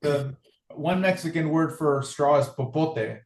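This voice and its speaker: A man's voice: on the high side, a little slow, darkish tone, echoey room, slight background noise. A man from California with a Californian accent, chatting casually as a podcast guest, laid back and rambling with repeated words. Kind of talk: casual chat.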